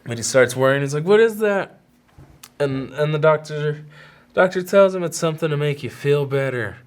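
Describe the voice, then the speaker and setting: A podcast host in his thirties delivers a casual storytelling monologue, rambling loosely and interrupting himself with restarts, laughs, and quoted dialogue in different voices. His voice is smooth, fairly high, and a little fast.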